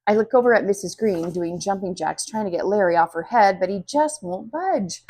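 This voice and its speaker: A woman reading a children's story aloud in an expressive, animated way. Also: medium pitch, normal speed. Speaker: children's book reader. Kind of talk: storybook read-aloud narration.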